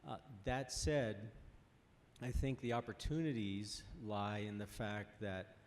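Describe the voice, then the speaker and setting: Halting, breathless male panelist. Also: on the low side, darkish tone, slight background noise. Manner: halting, many restarts. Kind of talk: panel discussion.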